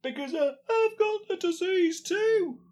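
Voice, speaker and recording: A woman voicing a weary, sharp-tongued old wife, exasperated and sarcastic. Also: very high-pitched, lively intonation, unhurried, voice pushed up.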